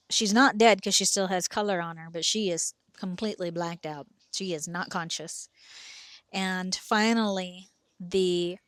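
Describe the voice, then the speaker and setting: A woman's voice: on the low side, no echo, clean studio sound. A middle-aged woman telling a personal story in a vivid, earnest present-tense voice. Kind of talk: personal story told to camera.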